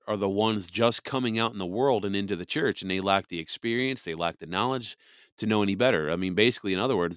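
A man's voice: fairly low pitch, dry recording, studio quality. A man hosting a podcast, giving casual Bible commentary in a conversational, emphatic way, often saying "you know". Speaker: podcast host.

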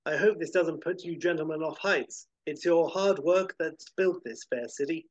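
A man's voice: a little high, moderate pace, dull audio, voice pushed up, lightly acted. A man doing a gallant, courteous Superman. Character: noble polite male superhero, earnest.

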